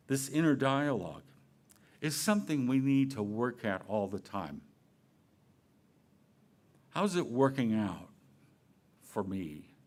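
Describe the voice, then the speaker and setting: A man giving a sermon to his congregation in a conversational, playful way, asking questions and acting out quoted phrases. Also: medium pitch. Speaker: minister. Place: church sanctuary.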